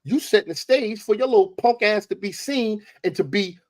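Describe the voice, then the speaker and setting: A man's voice: sits high, moderate pace, a little mellow. A man, debating in a heated, confrontational way and repeating himself for emphasis.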